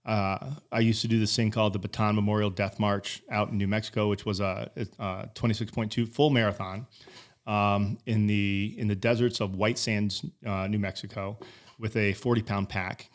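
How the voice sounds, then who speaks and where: A man in his forties, with a lowish voice and level tone, chats casually as a podcast guest at a moderate pace. He rambles, swears, and keeps restarting his sentences.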